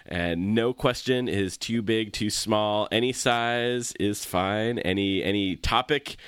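A man co-hosting a casual podcast, a little stuffy from a cold, relaxed and chatty. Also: on the low side, slow pace, smooth, no echo. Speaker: podcast co-host.

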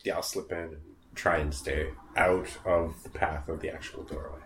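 A man playing in a tabletop game, describing his moves in a quiet, matter-of-fact way. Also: a bass voice, level tone, moderate pace, a little hiss or hum. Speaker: player. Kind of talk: casual tabletop game chat. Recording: roomy echo.

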